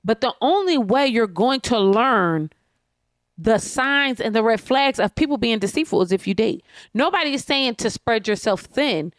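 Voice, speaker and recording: A woman's voice: on the high side, expressive, normal speed, dry recording, clean studio sound. A woman co-hosting a podcast from her couch at home, talking bluntly and swearing freely as she rants. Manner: blunt, profane, emphatic ranting. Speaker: podcast co-host. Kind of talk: casual chat. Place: living room couch at home.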